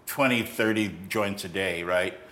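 An older man hosting a podcast, telling a story from his past to a friend in a halting way, full of restarts. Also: fairly low pitch, bright, forceful tone, roomy sound. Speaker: podcast host. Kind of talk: storytelling in a conversation.

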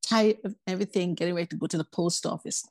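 Guest: woman, low gravelly voice, lively storyteller who mimics others, dry close sound. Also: fast talker, no room sound. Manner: animated, acts out quoted voices. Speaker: podcast guest. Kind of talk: casual personal storytelling.

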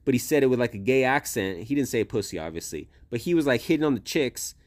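A man's voice: medium pitch, quick pace. A young man chats on a podcast in a loose, rambling way, swearing often and restarting his sentences. His voice sits in the middle range. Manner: rambling, profane, animated storytelling. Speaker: podcast co-host. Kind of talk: casual chat.

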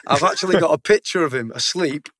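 Speaking at a quick pace in a fairly high, fairly bright voice, a British man who served in the military tells stories casually in conversation. He's blunt, swears freely, and repeats words as he goes, in studio-quality audio with no echo.

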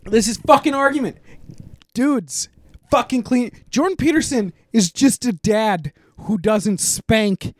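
A man hosting a podcast in casual banter, ranting loudly and profanely with frequent laughter. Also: very high-pitched, a little slow, no room sound. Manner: loud, laughing, profane rants. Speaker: podcast host.

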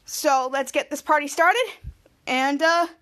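A woman hosting a podcast, recapping a TV episode in a casual, excitable way, repeating herself and correcting her own words. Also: high-pitched, moderate pace. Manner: excitable, repetitive, frequent self-corrections. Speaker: podcast host.

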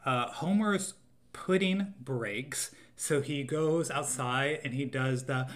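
A man's voice: medium pitch, slow pace, fairly bright tone. A man co-hosting a podcast in casual chat, talking through scenes and laughing often. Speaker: podcast co-host.

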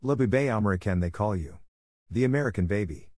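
A man's voice: on the low side, lively intonation, fast, a little mellow, dry recording, clean studio sound. A man as a scolding old-time business partner. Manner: reproachful and lecturing.

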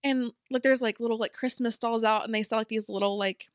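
A young woman co-hosting a podcast in casual chat, telling a rambling story that she breaks up with quick bursts of speech. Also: a little high, steady tone, smooth, no room sound, studio quality. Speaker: podcast co-host.

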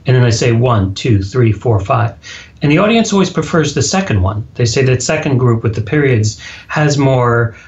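A man being interviewed as a public speaking coach, speaking firmly and deliberately, ending his sentences flat. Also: medium pitch, muffled recording. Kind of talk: podcast interview.

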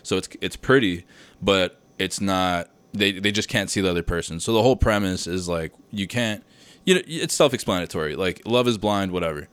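Low-voiced young man rambling casually. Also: expressive, a little fast, a bit bright, clean tone, no room sound. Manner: rambling, sidetracked, swears freely, says "dude". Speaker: podcast host. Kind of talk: casual solo podcast chat. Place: home room with recording setup.

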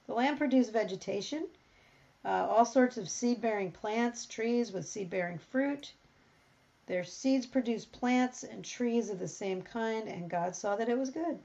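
A woman talking through a Bible passage in casual conversation, reading verses aloud and thinking out loud. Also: a little high, a little slow, vocal fry, muffled recording. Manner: thinks aloud, reads scripture, animated when surprised. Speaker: Bible study co-host. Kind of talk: casual Bible study discussion.

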